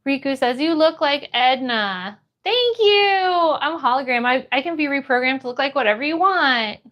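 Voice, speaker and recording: A woman's voice: a little fast, muffled recording. Bubbly woman greeting her live chat. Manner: bubbly, greets viewers in high bursts. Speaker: streamer reading chat. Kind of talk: casual live-stream chat.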